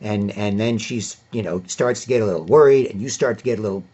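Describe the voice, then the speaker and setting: A man's voice: fairly low pitch, a little fast, mellow, highs cut off. A man ranting in a casual, profane, rambling commentary vlog. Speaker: vlogger and commentator.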